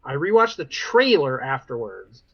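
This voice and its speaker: A man's voice: mid-range voice, very animated, measured pace, vocal fry, sharp tone, breathy edge. A man co-hosting a pop culture podcast, chatting casually and saying "like" a lot. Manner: chatty, says "like" often. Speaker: podcast co-host. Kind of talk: casual chat. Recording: dull lo-fi sound.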